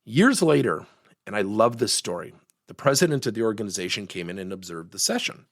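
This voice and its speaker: A middle-aged man hosting a coaching podcast, telling a work story in an animated, personal way. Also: fairly low pitch, fairly quick, dry recording, clean studio sound. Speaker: podcast host and workplace coach. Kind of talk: podcast monologue.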